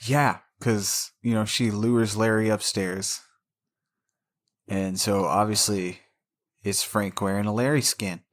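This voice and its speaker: A woman's voice: rumbling low, steady tone, slow pace, no room sound. Joking woman podcast co-host, dry sound. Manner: joking, crude, laughs often. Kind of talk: casual chat recapping a horror film.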